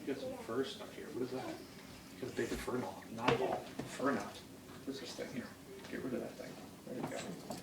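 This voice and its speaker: A man's voice: medium pitch, flat delivery, normal speed, creaky, long pauses. A middle-aged man, an animal handler, telling jokey stories and laughing as he talks about an animal indoors at home. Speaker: exotic animal handler and educator. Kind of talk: casual storytelling while handling an animal. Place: indoors in a house. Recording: roomy, distant home video with background noise.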